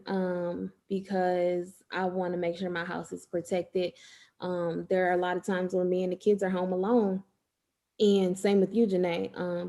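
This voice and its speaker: A woman's voice: medium pitch, warm tone. A woman from Georgia co-hosting a casual podcast, conversational and frank with her opinions. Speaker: podcast co-host. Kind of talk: casual chat.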